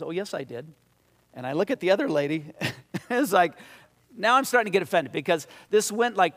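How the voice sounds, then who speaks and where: A man's voice: on the high side, fairly bright tone. A man, a pastor or Bible teacher, telling a story to a midweek Bible study in a conversational way, repeating words and growing emphatic as he makes his point.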